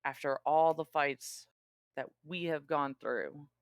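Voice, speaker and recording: A tabletop player voicing Pyre, a guarded female fighter who long fought alone, speaking haltingly with restarts. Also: mid-range voice, fairly even intonation, clear, resonant tone, no room sound. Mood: confessing. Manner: halting, stammering confession. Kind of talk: tabletop role-play.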